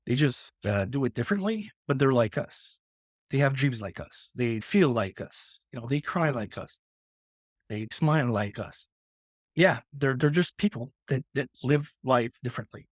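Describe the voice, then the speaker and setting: A man's voice: medium pitch, animated, moderate pace, slightly rough, no echo. A middle-aged man from Canada, a guest author speaking earnestly in a casual interview, with many restarts and fillers.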